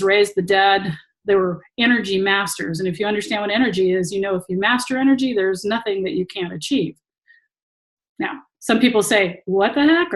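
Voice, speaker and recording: A woman's voice: mid-range voice, rough recording. A woman who teaches tantra talks casually to an online audience over a video call and laughs often while she tells stories.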